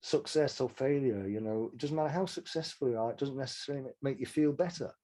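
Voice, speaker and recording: A man's voice: mid-range voice, quick pace, dark tone. An older man, a songwriter telling rambling, self-deprecating stories as an interview guest. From England. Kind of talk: casual interview chat.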